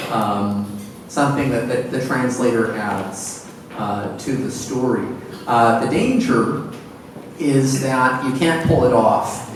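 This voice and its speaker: A man from Edmonton, a translator and professor, answers a question at a seminar panel in a reflective way, often repeating words as he searches for phrasing. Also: mid-range voice. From Edmonton, Canada. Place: lecture hall at a seminar. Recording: echoey hall, distant mic, faint noise.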